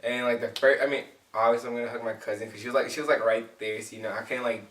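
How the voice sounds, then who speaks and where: A young man co-hosting a couple's channel, telling their story in a joking, mock-dramatic way, often trailing off softly. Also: medium pitch, steady tone, very fast. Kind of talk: casual storytelling chat. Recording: echoey room, far from mic.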